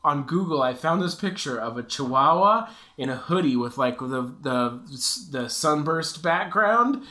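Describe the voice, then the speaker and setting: Bright, lively young man chatting. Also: on the high side, measured pace. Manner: rambling, self-mocking, laughs often. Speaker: podcast co-host. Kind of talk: casual chat.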